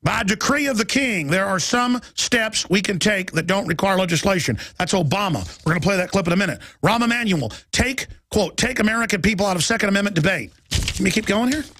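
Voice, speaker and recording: A man's voice: high voice, expressive, a bit bright, no echo. Urgent ranting male radio host. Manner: urgent, alarmed, rapid-fire ranting; reads headlines aloud in quick bursts. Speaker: radio talk show host. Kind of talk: political talk radio monologue.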